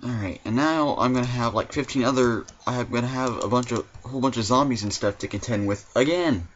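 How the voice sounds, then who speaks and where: A man's voice: medium pitch, quick pace, a little hiss or hum. A man doing let's play commentary in an exasperated, whiny, complaining way, heard through a dull lo-fi mic. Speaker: gaming commentator.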